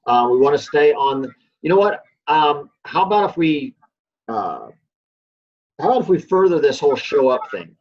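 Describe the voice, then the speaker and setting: A man with a husky, breathy voice steers a casual chat and cheers his co-host on. The recording is dull and lo-fi. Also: fairly high pitch, very animated, moderate pace. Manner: encouraging, steers the talk.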